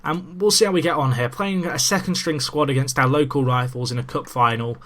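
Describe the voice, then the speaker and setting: A young man in casual let's-play commentary, chatty and excitable with self-mocking asides, talking into a desk microphone. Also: medium pitch, fairly quick. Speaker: gaming commentator.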